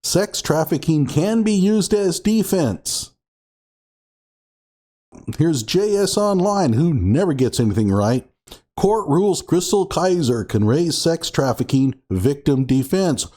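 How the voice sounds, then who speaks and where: Man, show host, sarcastic commentary, lively up-and-down pitch, reads quotes with stress. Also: slow. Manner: sarcastic, reads documents aloud with emphasis. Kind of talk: commentary on a court ruling.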